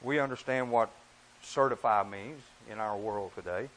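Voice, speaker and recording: A man's voice: moderate pace, fairly bright tone, rough recording. Earnest man preaching a sermon. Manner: earnest, emphatic, rises and drops in pitch and volume.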